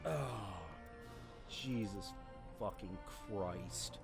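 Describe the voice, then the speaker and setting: A man's voice: fairly low pitch, drawn-out words, gravelly, over loud music. A man streaming a video game, ranting in frustration with plenty of swearing and repeated half-finished phrases. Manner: trails off into mutters and repetitions. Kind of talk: casual gaming stream chat.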